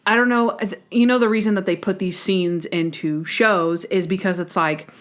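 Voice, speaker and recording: A woman's voice: medium pitch, steady tone, normal speed. Chatty enthusiastic woman podcast co-host. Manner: chatty, enthusiastic, acts out quotes. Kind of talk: casual chat.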